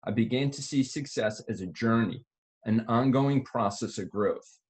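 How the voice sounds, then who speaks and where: A man co-hosting a call, reading an article aloud in a deliberate radio-announcer style. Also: medium pitch.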